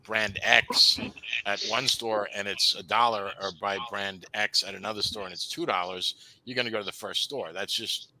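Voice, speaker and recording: A man's voice: lowish voice, steady tone, moderate pace, sharp tone. An older man from the United States hosting a live online debate, explaining patiently with everyday examples over faintly noisy call audio.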